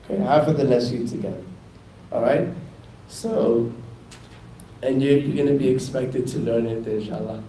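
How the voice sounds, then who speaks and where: In a classroom, a man with a Northeastern US accent teaches Arabic letters, calling out each letter name for students to repeat in a slow, repetitive lesson. His mid-range voice is dark in tone, at a normal speed with frequent pauses. The audio is echoey, picked up from a distance, with slight background noise.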